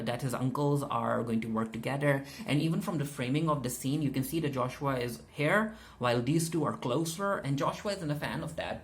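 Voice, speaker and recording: A man recapping and reviewing a TV episode in a casual, unscripted way, loosely paraphrasing what characters say and often pausing to restart his sentences. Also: mid-range voice, fairly bright tone. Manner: hesitant, frequent fillers and restarts. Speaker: TV show reviewer.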